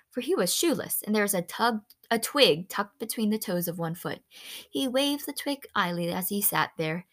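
A woman with an average-pitched voice reads a children's novel aloud with lively expression. Now and then she pauses for a quick aside explaining a word to her listener, and she corrects small slips without fuss.

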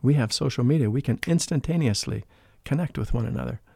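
A man talking as a guest in an interview, telling a personal spiritual story in an earnest, emotional way. He often drops into a hushed voice when he quotes people. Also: mid-range voice, fast talker, gravelly, no room sound, clean studio sound. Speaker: podcast guest, spiritual life coach.

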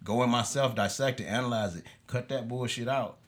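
A man, talking in casual chat with animated street slang and profanity. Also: medium pitch, brisk.

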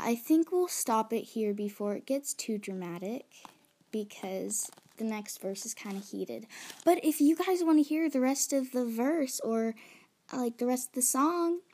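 Young female vlogger, chatty and rambling, unhurried delivery, nervous and excited. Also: a little high. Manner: chatty and rambling, with frequent fillers and laughs. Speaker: aspiring singer-songwriter. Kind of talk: casual vlog chat.

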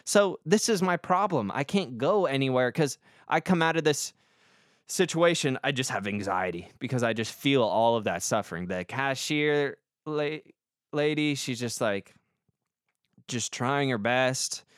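A man's voice: medium pitch, a little slow, no echo, studio quality. A young man hosting a podcast, telling a rambling comic story, swearing a lot and making fun of himself. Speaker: podcast host. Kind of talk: casual comic monologue.

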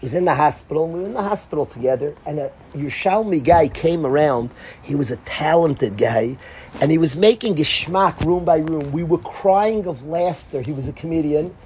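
Man, rabbi-style talk, animated, voices swing high and low, light background hiss. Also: brisk. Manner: animated storyteller, acts out dialogue with big pitch jumps. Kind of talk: informal Torah talk.

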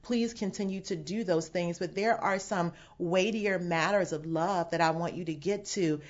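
A woman pastor preaching from home with a low, grounded voice. She teaches in a conversational way and acts out quoted lines with emphasis. The recording has a dull, lo-fi sound. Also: moderate pace. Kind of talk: sermon. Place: home setting away from the sanctuary.

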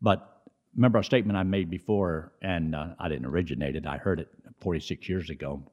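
A middle-aged man preaching a sermon in a conversational way, rising high on emphasis and dropping low between. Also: brisk, a little mellow, dull audio.

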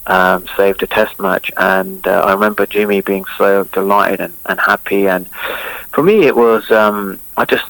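A former cricketer chatting as a guest, rambling and full of fillers. His voice is lowish and the sound dry and close. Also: steady tone, normal speed, gravelly, a bit bright, no room sound, poor audio. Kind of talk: casual interview chat.

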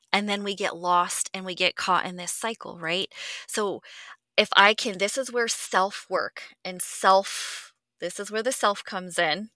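Bright-voiced woman, candid and earnest. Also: medium pitch, no room sound. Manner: earnest and reflective, swears freely, sometimes drops to a near whisper. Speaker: podcast host. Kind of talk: candid conversational chat.

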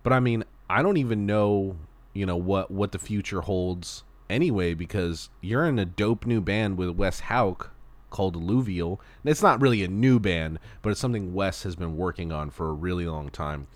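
A man's voice: low voice, moderate pace, no echo. A man hosting a casual chat, telling loose stories with a laugh and frequent swearing.

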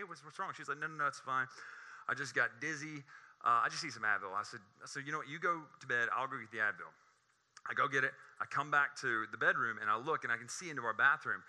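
A man, preaching a sermon and telling a personal story in an animated, conversational way. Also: mid-range voice. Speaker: pastor.

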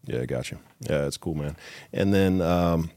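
A man's voice: a bass voice, unhurried, darkish tone, no room sound. A man hosting a casual interview, listening closely and answering with many short affirmations. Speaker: podcast host.

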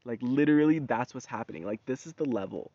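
A man's voice: medium pitch, animated, fast, dark tone, no echo. A man ranting in a casual monologue, heated and slangy, swearing freely. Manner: profane, heated, loose and slangy. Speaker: vlogger. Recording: dull lo-fi recording.

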